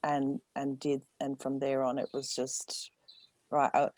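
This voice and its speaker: Low-voiced candid woman, dry sound. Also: completely flat delivery, measured pace, darkish tone, no room sound. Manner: candid, quotes her own inner voice, laughs often. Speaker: podcast guest. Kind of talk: casual conversation.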